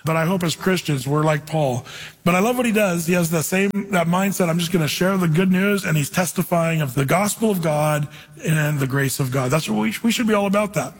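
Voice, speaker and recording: A man's voice: a little high, fairly quick, slightly rough, big-room sound. A man preaching a sermon in a conversational, storytelling way, reading scripture aloud. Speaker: pastor.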